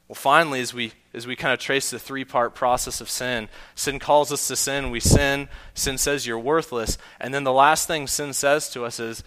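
A male pastor delivering a sermon with earnest conviction. His voice is bright. He often drops soft and low to stress a point. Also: fairly even intonation, moderate pace, few pauses, smooth. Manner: earnest preaching, voice dropping low on key points.

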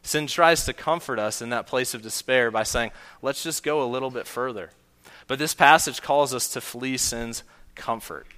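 A man preaching a sermon earnestly, often letting his voice drop soft and low on key points. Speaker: pastor.

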